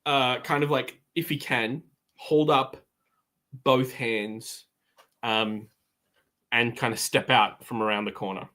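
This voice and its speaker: A man playing a tabletop game in casual chat, speaking slowly and hesitantly, and laughing often. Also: mid-range voice, fairly even intonation, pushed and bright. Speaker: player.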